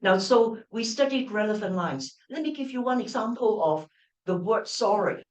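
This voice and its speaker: In this open-day lecture, a middle-aged professor speaks at normal speed in an animated, mid-range voice. The mic is distant and the lecture room echoes, and she keeps restarting phrases and checking in with "right?" and "all right?".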